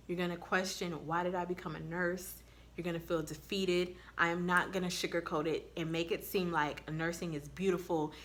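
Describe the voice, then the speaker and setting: A woman's voice: on the low side, fairly bright tone, a little hiss or hum. A woman nurse giving casual advice to her viewers, telling candid stories with blunt swearing. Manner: blunt, candid storytelling with profanity; speaks straight to viewers.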